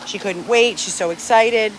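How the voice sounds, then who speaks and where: A woman's voice: medium pitch, moderate pace, slight background noise. A woman who runs a dog rescue, talking to her followers outdoors in an earnest, emphatic, chatty way. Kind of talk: casual vlog to followers.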